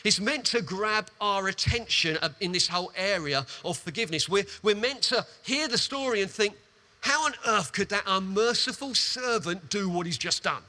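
A man preaching a sermon, retelling a parable with animated, emphatic storytelling and quick repetitions. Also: sits high.

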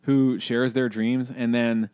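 A man co-hosting a casual talk show, rambling and animated, full of fillers and restarts. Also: mid-range voice, slow pace, clean tone, dry recording. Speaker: podcast co-host. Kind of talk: casual conversation, reading aloud from a book.

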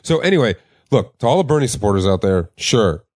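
A man's voice: lowish voice, big pitch swings, brisk, darkish tone, dry recording, clean studio sound. A man co-hosting a podcast, mixing earnest political points with crude joking asides. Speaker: podcast co-host. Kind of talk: casual political banter.

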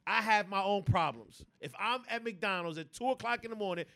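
High-voiced ranting man, dry close sound. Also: brisk, creaky, fairly bright tone, dry recording. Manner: profane, emphatic ranting with stammered restarts. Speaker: podcast co-host. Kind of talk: casual ranting podcast chat.

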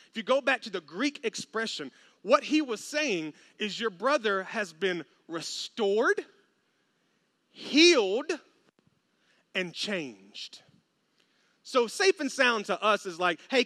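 Animated man preaching. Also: high voice, no echo, clean studio sound. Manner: animated, humorous, acts out quoted voices. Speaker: pastor. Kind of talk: sermon.

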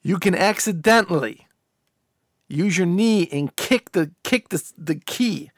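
Joking car podcast host, slightly high. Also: male voice, expressive, dry recording, clean studio sound. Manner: joking, quick to laugh, explaining. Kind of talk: casual chat.

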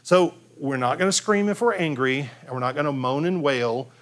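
A man's voice: on the high side, normal speed. A man preaching a conversational sermon on raising children, often restarting his sentences and acting out the cries of children. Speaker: pastor.

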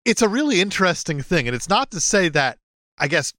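A man's voice: high voice, sing-song, brisk, sharp tone, no echo, studio quality. A man co-hosting a podcast, chatting casually about a film, musing and trailing off mid-thought. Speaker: podcast co-host.

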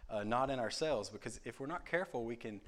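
A young man giving a casual morning devotion, halting with many ums and repeated words, and acting out chats with coworkers. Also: medium pitch, lively intonation. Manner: acts out conversations with coworkers. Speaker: church speaker giving a devotion.

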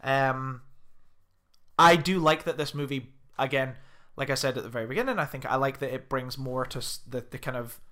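A man's voice: mid-range voice, normal speed, bright, forceful tone. A man chatting casually about a film as a podcast co-host, laughing often. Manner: chatty, laughs often, slips into mock Scottish pub voices. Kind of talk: casual film review chat.

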